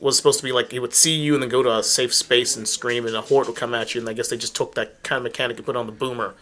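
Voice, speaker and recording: A man co-hosting a casual podcast, talking emphatically and excitably with plenty of swearing. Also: medium pitch, rapid-fire. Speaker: podcast co-host.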